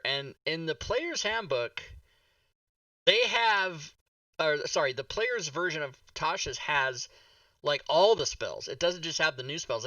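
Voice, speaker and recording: A man hosting a casual streamed talk show, joking and rambling with quick asides. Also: medium pitch, bright, forceful tone, dry recording, recorded from a distance.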